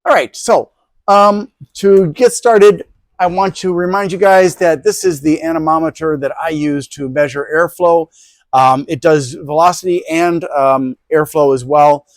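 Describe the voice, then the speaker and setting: A man's voice: fairly high pitch, steady tone, a little slow, no echo. Dry, close-miked man hosting a fan review. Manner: rambling, many ums and restarts. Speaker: tech video host. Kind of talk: casual product review.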